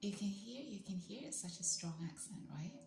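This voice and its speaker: A woman chatting to camera as a vlogger, enthusiastic and often dropping into a soft whisper. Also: mid-range voice, animated, moderate pace, noisy background. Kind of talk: casual talk to camera. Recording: roomy echo.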